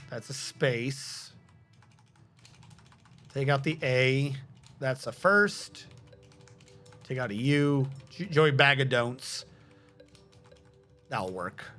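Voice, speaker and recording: A man's voice: medium pitch, drawn-out words, pauses often, fairly bright tone, faint music behind. A man streaming a game live, giving casual, profane commentary and talking to his chat.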